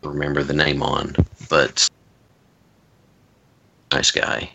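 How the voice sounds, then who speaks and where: A man's voice: very deep voice, monotone, slow, gravelly, bright, forceful tone. A man telling rambling stories in a casual chat, with wry asides and frequent restarts.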